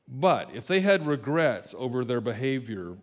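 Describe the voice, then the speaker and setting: A man's voice: medium pitch, very animated, moderate pace. A man preaching a conversational sermon as pastor, explaining verses with casual asides and self-corrections.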